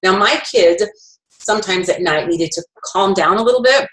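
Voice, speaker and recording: A woman's voice: mid-range voice, moderate pace, a bit bright, poor audio. A middle-aged woman presenting essential oils, telling a personal story in a chatty way with fillers and self-corrections.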